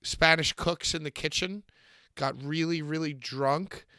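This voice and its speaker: A man co-hosting a casual podcast, joking loudly and swearing freely. His voice is bright and gravelly, with a fairly high pitch. The sound is dry and close. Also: measured pace, no echo. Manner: loud, joking, profane banter. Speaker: podcast co-host. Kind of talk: casual chat.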